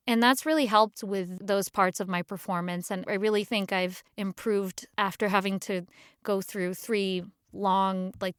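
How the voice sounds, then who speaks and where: A woman voice actor talking in an interview, animated and emphatic, acting out her own reactions. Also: medium pitch, clean tone, dry recording, clean studio sound. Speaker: guest voice actor and audio describer. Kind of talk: conversational interview.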